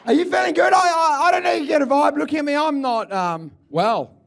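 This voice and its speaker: A man works a club stage with a loud, crude stand-up set, shouting his punchlines. His voice sits very high and is gravelly with fry, and it swings widely in pitch. Faint audience laughter sits behind him. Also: lively intonation, a little fast. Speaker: stand-up comedian.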